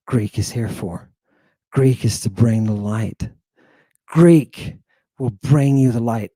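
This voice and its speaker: A man teaching Ancient Greek words, dramatic and teasing, who swings from loud exclamations to low murmurs and draws out his pronunciations. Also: no room sound, studio quality. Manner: teasing, confrontational with the listeners; drawn-out emphatic pronunciation.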